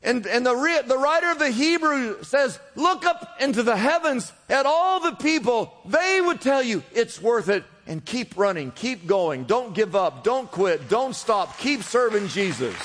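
A man's voice: extremely high pitch, very animated, measured pace, hardly any pauses, fairly bright tone. A man preaching a sermon in a church, urging his listeners on with repeated phrases. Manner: preaching with rising urgency and repetition. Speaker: pastor. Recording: long hall reverb.

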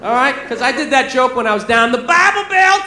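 A man from the American South doing a stand-up routine, telling stories in a loud, exasperated way. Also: extremely high pitch, expressive, brisk, crowd noise. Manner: loud, exasperated storytelling with rants. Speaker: stand-up comedian. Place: comedy club stage. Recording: echoey club with audience laughter. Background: audience laughing.

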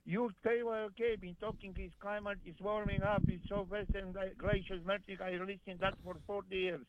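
Mężczyzna, wzburzony rozmówca, stłumiony dźwięk. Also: male voice, sits high, little pitch movement, muffled recording, noisy background. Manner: halting, many fillers and restarts, heated. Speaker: caller. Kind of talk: call-in radio chat.

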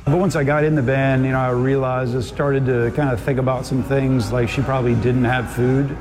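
A man's voice: mid-range voice, little pitch movement, fairly quick, low-quality recording. A man, a chef, plainly and reflectively recounting a story in a news interview.

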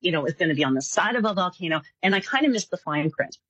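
A woman tells her story with lots of movement in her pitch, slipping into the voices of the people she quotes. Her voice has a slightly husky grain. The recording is dry and close. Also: racing, no room sound, lo-fi sound. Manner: animated, acts out voices in her stories. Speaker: psychic guest. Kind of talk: casual storytelling interview.

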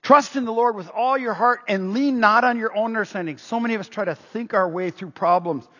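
A man preaching a sermon as pastor, animated, quoting scripture aloud. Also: sits high, fairly quick. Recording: roomy hall, dull lo-fi sound.

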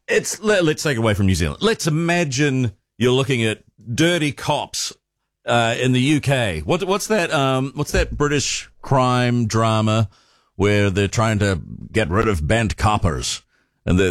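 A man's voice: medium pitch, no room sound, studio quality. A man hosting a talk radio show, chatting casually and often stumbling over and repeating his words.

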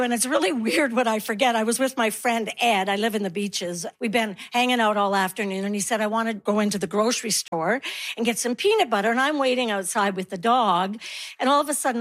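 On a comedy stage before a laughing crowd, a woman in her sixties performs stand-up with a slightly high, somewhat bright voice. Her humor is wry and self-mocking, and she acts out other people's lines.

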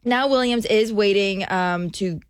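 A woman's voice: medium pitch, unhurried, clear, resonant tone, dry recording. Radio co-host lady, giggly and easygoing, dry close mic. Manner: giggly, self-deprecating. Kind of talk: morning-show news story and banter.

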